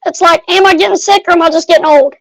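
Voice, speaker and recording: Woman w a really high voice, chiming in on a casual podcast chat. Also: steady tone, fast talker, fairly bright tone, no echo, poor audio. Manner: short chiming-in remarks and questions. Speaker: podcast co-host.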